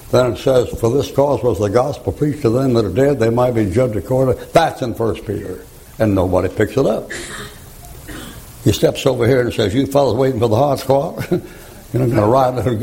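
Gravelly folksy preacher. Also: male voice, mid-range voice, warm tone, a little hiss or hum, rough recording. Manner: folksy, joking, laughs at own stories. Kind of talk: folksy sermon.

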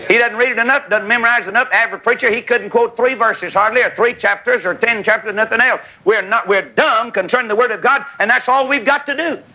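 A man preaches a revival sermon in a folksy, fiery way, climbing into shouted peaks. His voice sits high and rings very bright and forceful. A congregation answers him with amens under the tent. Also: fast, few pauses, rough recording. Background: congregation calling amen.

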